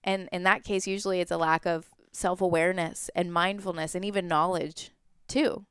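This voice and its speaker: A woman's voice: fairly low pitch, normal speed, clean tone, no room sound, clean studio sound. A woman in her twenties, a podcast guest, candidly telling a personal story in conversation. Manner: candid, animated, often acts out quoted voices.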